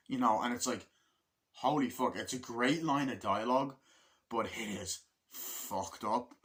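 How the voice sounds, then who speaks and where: A man's voice: medium pitch, a little slow, fairly bright tone. A man casually reviewing a film in a rambling, filler-heavy way, swearing often and acting out lines from the movie.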